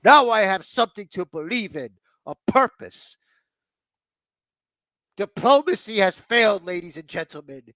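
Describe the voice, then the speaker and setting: A man's voice: sits high, big pitch swings, a little slow, long pauses, pushed and bright, no echo, pitched above the performer's own voice, heavily acted. A man doing a menacing male wrestling villain in an unplaced put-on accent, declaiming in the middle of a casual podcast chat.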